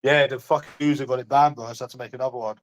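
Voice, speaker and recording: A man with a London accent talks loosely to his livestream viewers. His voice sits at an ordinary middle pitch, and he is blunt and mocking, with frequent swearing. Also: fairly even intonation, very fast, low-quality recording. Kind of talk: casual livestream chat to viewers.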